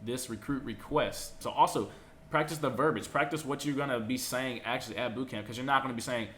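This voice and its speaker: A young man talking casually to camera, giving advice in a quick, animated way and now and then acting out shouting drill instructors in a shrill voice. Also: a little hiss or hum. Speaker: vlogger giving boot camp advice.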